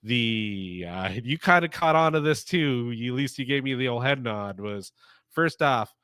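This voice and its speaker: A man's voice: medium pitch, lively intonation, unhurried, fairly bright tone, clean tone, no room sound, studio quality. A man co-hosting a wrestling podcast, talking enthusiastically and casually, with frequent "uh" fillers. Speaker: podcast co-host. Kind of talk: casual wrestling review chat.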